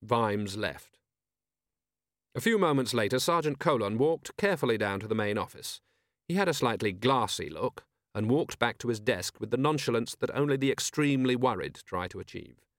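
A man narrating an audiobook in a wry, expressive way, recorded in a studio. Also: mid-range voice, normal speed, no echo.

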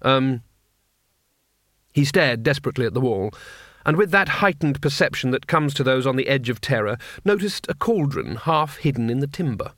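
A man narrating a comic fantasy audiobook in a measured, wry way. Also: medium pitch, lively intonation, fairly bright tone, no echo, clean studio sound. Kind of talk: audiobook reading.

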